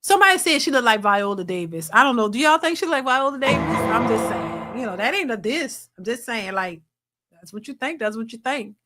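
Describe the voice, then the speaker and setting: A woman's voice: on the high side, sing-song, brisk, pushed and bright. A woman hosting a live reaction stream, laughing often and reading viewer super chats aloud. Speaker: reaction channel host.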